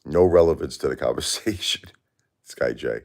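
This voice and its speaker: A man's voice: very deep voice, normal speed, darkish tone. A grieving man hosting a live stream, talking in an aggrieved, plaintive, repetitive way and answering chat. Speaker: livestream host.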